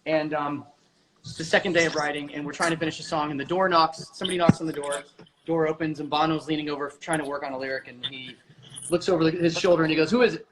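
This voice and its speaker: A man hosting a casual livestream, telling lively stories while he cooks, heard over a video call. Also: a little high, fast talker, background noise. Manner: lively, storytelling, talks while cooking. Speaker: host.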